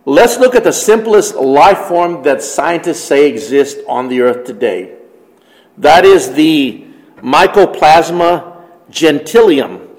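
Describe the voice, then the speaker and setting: A man's voice: fairly high pitch, expressive, takes it slowly, a little mellow. A man giving an emphatic religious teaching talk on biology, with rising stresses as he tells a story. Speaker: Christian teacher lecturing on biology. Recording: long hall reverb.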